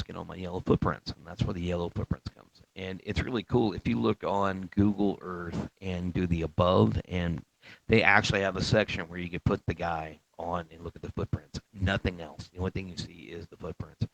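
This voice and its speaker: A man's voice: sits low, steady tone, moderate pace, creaky, no echo. A man telling a story casually, rambling and cursing, with many fillers and restarts. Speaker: Marine veteran telling a story. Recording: dull, slightly lo-fi sound.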